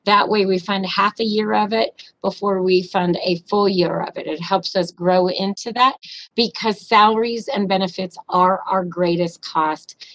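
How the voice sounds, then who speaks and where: A woman presenting budget figures to county commissioners at a public meeting, businesslike, hurried, with frequent ums and uhs. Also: mid-range voice, fairly even intonation, a bit bright, rough recording.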